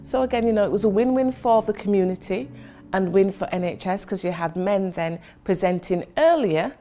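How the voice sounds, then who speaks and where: A woman's voice: mid-range voice, moderate pace, warm tone. A woman who heads a community charity, telling stories in a conversational interview with fillers. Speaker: charity chief executive. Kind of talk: interview testimony.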